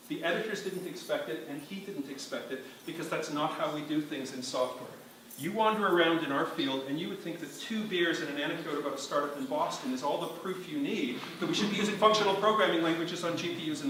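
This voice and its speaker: Guy giving a conference talk, wry and punchy, higher voice, big echoey hall, far from the mic. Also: fairly bright tone, slight background noise. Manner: emphatic, wry, quizzes the audience. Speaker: conference speaker. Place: large hall with audience.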